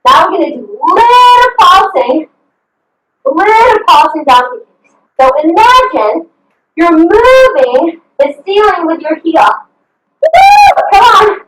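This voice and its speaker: A woman's voice: extremely high pitch, big pitch swings, unhurried, a bit bright, slight background noise. A woman fitness coach leading a live online workout, upbeat and encouraging, cheering her class on with whoops over a video call. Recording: echoey video call from a distant mic.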